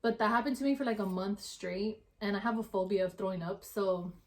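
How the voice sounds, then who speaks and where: A woman's voice: mid-range voice, a little fast, a little mellow. A young adult woman chatting casually as a vlogger, with lots of filler words. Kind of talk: casual chat.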